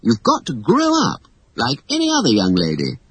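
A narrator voicing a blustering, exasperated Victorian father who shouts at his children. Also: medium pitch, wildly swooping pitch, normal speed, husky, dry recording. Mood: stern lecturing.

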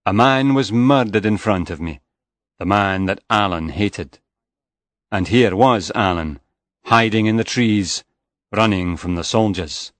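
A man reading a first-person story aloud in a slow, measured and even way. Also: on the low side, no room sound. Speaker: audiobook narrator.

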